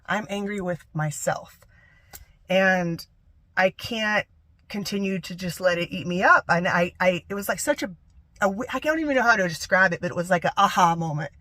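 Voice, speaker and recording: A woman's voice: lowish voice, a little fast, bright, forceful tone, no echo. A young woman from North Carolina, a van-life vlogger, rambling candidly through a personal story. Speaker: travel vlogger. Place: living in a camper van.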